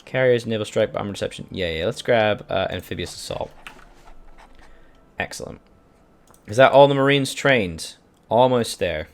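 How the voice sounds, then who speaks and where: A video game streamer with a lowish voice casually commentates on his strategy game as he plays, at a moderate pace with frequent pauses. He's chatty, swears freely, and reads out and answers questions from his live chat.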